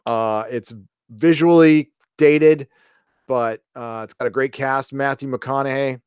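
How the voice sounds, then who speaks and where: Middle-aged male streamer, loose and jokey, smooth voice, dry close mic. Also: medium pitch, steady tone, slow pace, a little mellow, dry recording. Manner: rambling, reads donations aloud, jokey. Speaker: live stream host. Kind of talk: casual live stream chat.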